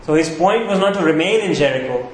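A man preaching a sermon as pastor, emphatic, repeating key phrases and slowing down on them. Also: fairly high pitch, expressive, a little hiss or hum. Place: church sanctuary. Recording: very echoey hall, faint ambience.

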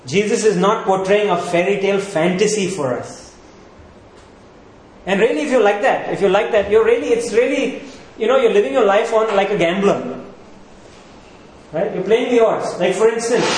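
A man's voice: high voice, normal speed. A man preaching a sermon as pastor, asking rhetorical questions and repeating points for emphasis. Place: church. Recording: echoey church hall with faint noise.

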